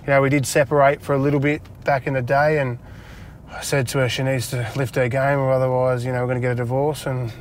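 Australian man, 40s, casual self-deprecating interview guest, mid pitch, faint car hum behind. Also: level tone, quick pace. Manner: chatty, self-deprecating, lots of fillers. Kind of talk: casual chat. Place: inside a parked car.

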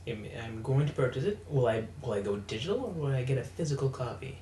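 A man co-hosting a podcast who teases his friends in animated, casual banter. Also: medium pitch, fast, roomy sound, slight background noise. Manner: teasing, animated. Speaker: podcast co-host.

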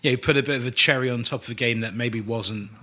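A man with a bright, forward tone and a mid-range pitch talks through the weekend's football. He speaks in a wordy, thoughtful way and likes playful turns of phrase. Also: fast. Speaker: podcast co-host. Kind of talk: casual football chat.

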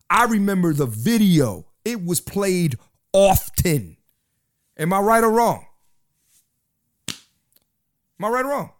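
A man hosting a solo podcast, talking loosely in slang and often repeating his phrases. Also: a little high. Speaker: podcast host. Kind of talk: casual solo podcast chat.

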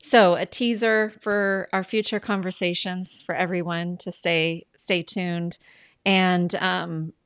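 A woman's voice: on the low side, little pitch movement, slow, smooth, no echo, studio quality. A woman hosting a casual interview, encouraging her guest with enthusiasm. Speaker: interview host.

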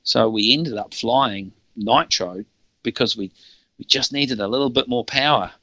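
A middle-aged man with a New Zealand accent tells stories on a podcast in a loose, rambling way, laughing often. His voice is very bright and sits in a middle pitch. The sound is close and dry. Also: unhurried, no echo, dull audio. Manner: rambling, laughing, frequent restarts. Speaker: podcast guest. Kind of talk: casual storytelling.

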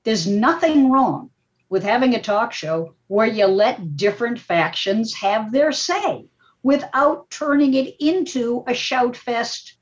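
An older woman, a media professor, talking as a podcast guest in an animated, emphatic way that often ends points with a quick "okay?". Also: on the high side. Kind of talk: casual podcast talk. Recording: dull, muffled audio.

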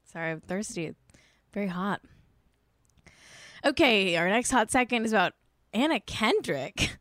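A woman's voice: mid-range voice, animated, measured pace, long pauses, a bit bright, no echo, studio quality. A young adult woman casually hosting a celebrity news stream, chatty and sarcastic, with asides and laughs. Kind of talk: casual chat reading news.

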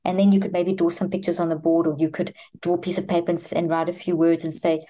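A woman's voice: on the low side, little pitch movement, a little fast, mellow. A woman speaking as a guest expert in an interview, explaining earnestly and with emphatic repetition. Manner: earnest, emphatic, repeats herself.

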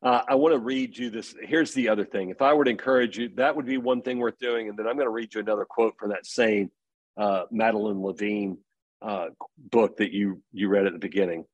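A man's voice: on the low side, fairly even intonation, brisk, no echo, dull audio. A middle-aged man as a podcast guest, earnestly telling stories about parenting in casual conversation. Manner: earnest storytelling.

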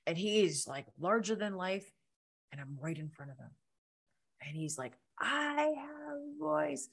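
A middle-aged woman hosting a podcast, telling a personal story in an animated way and acting out the lines of people in it. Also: normal speed, breathy edge. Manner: animated, acts out quotes with big pitch jumps. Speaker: podcast host.

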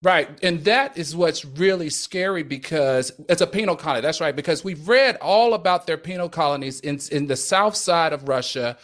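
A man with a fairly high voice talks through the news on a casual show. His delivery is emphatic and punchy, leaning hard on each point. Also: moderate pace, hardly any pauses, a bit bright. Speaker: co-host.

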